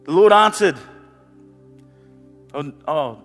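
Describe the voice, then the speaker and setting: A middle-aged man preaches with fervor, circling back to phrases again and again and slipping in light jokes. His voice sits a little high. It rings out through a large hall with a long echo, and soft music plays underneath. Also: animated, normal speed. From New Zealand. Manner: impassioned, repetitive preaching with playful asides. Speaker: pastor. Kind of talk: sermon.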